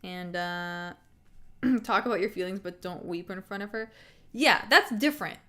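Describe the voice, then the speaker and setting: A young adult woman talks casually on her live stream, candid and rambling, full of filler words and swearing. She laughs often and speaks into a desk microphone at a middling pitch. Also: normal speed, fairly bright tone, faint music behind. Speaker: streamer hosting a fight-picks live stream. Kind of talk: casual chat.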